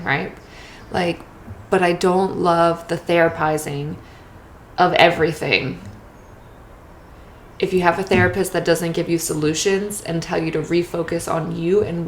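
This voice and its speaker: Young woman rambling on her podcast, low-ish voice, keeps saying right?, roomy echo. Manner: chatty, candid, peppers talk with "right?" and casual swearing. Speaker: podcast host. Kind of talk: casual solo podcast monologue. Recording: echoey room with faint noise.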